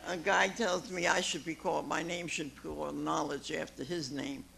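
With a low, steady voice full of vocal fry, a woman in her nineties speaks at a normal speed to a recovery meeting audience in a meeting room. Her testimony is folksy and personal, and she laughs often and calls people "honey." There's noise in the background.

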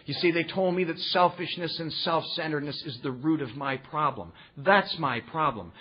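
A man's voice: on the high side, breathy edge, highs cut off. A man telling his recovery story to a live gathering, earnest and repetitive, checking in with the audience with a "huh?". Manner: earnest, repeats phrases, tag "huh?" to the audience. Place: meeting room with audience.

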